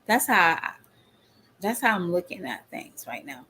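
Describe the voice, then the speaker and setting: A woman's voice: lowish voice, sing-song, normal speed, sharp tone, slight background noise. A middle-aged woman chatting casually to her viewers, often laughing and calling them y'all. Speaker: vlogger.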